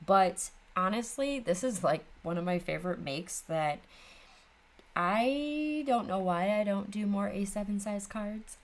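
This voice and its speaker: A woman's voice: medium pitch, lively intonation, measured pace. A woman in her thirties with a Midwestern American accent, hosting a casual crafting vlog and rambling chattily with lots of ums. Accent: Upper Midwest American. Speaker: craft channel host.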